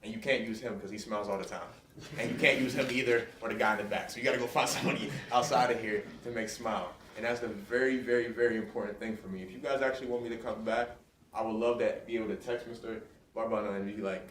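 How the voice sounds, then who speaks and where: A man giving a motivational speech to students, leading loud call-and-response chants. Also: on the low side, quick pace. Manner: energetic call-and-response, hyping up the crowd. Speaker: guest motivational speaker. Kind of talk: motivational school assembly speech. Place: large school hall with a student audience. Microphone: recorded from a distance. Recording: echoey hall, distant mic, faint noise.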